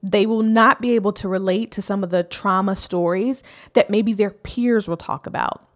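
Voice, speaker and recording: A woman's voice: medium pitch, steady tone, moderate pace. A woman in her thirties giving an earnest, encouraging faith-based parenting talk as a coach, repeating key lines for emphasis.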